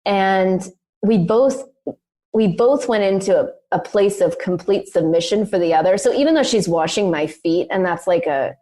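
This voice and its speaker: A young adult woman, a podcast co-host, telling a personal story in an animated, emphatic way, with many "like"s and "um"s. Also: medium pitch, moderate pace. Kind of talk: personal storytelling in casual conversation.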